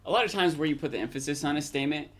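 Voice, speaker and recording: Man casually pitching his own theories. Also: lively intonation, rapid-fire, a bit bright. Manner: conversational, offers ideas tentatively. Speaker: podcast co-host. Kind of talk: casual fan discussion.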